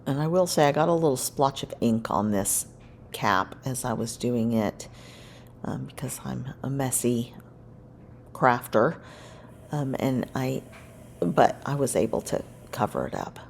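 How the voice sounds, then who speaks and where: A woman's voice: extremely low pitch, unhurried, vocal fry, a little hiss or hum. A woman narrating her scrapbook crafting in a casual voice-over, rambling and correcting herself as she goes. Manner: rambling, self-correcting, relaxed.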